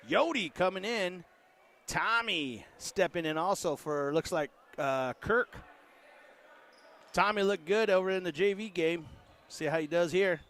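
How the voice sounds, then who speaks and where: A man giving casual play-by-play of a high school basketball game, joking and voicing what the players might be saying. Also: fairly bright tone. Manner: joking, voices the players' imagined words. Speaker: play-by-play announcer. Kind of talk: casual sports commentary.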